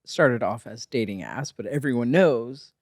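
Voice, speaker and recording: A man in his forties co-hosting a podcast, in casual chat, halting and repeating words, often laughing. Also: mid-range voice, expressive, dry recording, clean studio sound. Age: 40s. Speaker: podcast co-host.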